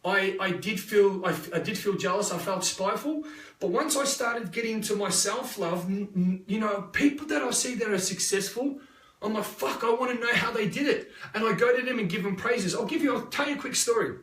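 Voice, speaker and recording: A man's voice: sits high, lively intonation, fairly quick, fairly bright tone, echoey room, recorded from a distance. An Australian man giving a live motivational talk, blunt and full of swearing as he tells stories. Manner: blunt, swears freely, restless storytelling. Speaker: motivational speaker.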